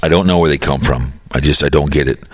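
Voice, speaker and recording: Deep raspy guy grumbling on his live stream, blunt and cussing, dry close sound. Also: fast, dry recording. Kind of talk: ranting live-stream monologue.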